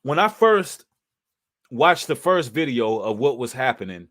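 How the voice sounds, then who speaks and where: A man's voice: medium pitch, very animated, a little slow, a bit bright. A man hosting a livestream, talking in an emphatic, preacherly way to his audience, mixing casual slang and the odd curse word. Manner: emphatic, preacherly, addresses audience as brothers and sisters; casual slang with occasional cursing. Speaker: livestream host.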